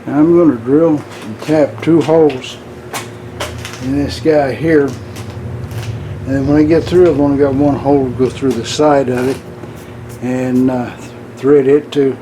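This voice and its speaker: A man casually narrating machining work in his workshop, folksy and relaxed, ending with a told joke. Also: mid-range voice, a little slow, long pauses, noisy background.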